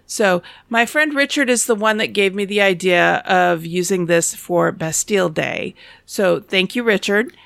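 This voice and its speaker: A woman's voice: mid-range voice, measured pace, vocal fry, a bit bright, no room sound. A woman co-hosting a board game podcast, explaining game rules in a casual, self-deprecating way. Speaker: podcast co-host.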